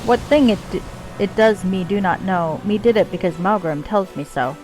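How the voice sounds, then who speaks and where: A woman's voice: mid-range voice, normal speed, darkish tone, faint music behind, lightly acted, low-quality recording. Woman doing a mad rhyming cultist man. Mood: sing-song. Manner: speaks in singsong rhymes with broken grammar. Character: mad rhyming male cultist, broken grammar.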